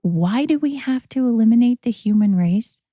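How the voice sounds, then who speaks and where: A woman's voice: on the high side, lively intonation, normal speed, dark tone, no room sound, pitched above the performer's own voice. A woman voicing a grave man who believes he is president of the world, speaking in a solemn tone.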